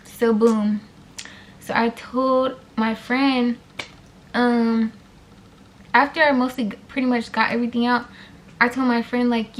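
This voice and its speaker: A young woman casually telling a story on her vlog, animated and blunt with plenty of swearing. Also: on the high side, a little slow, pauses often. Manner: animated, blunt, heavy profanity.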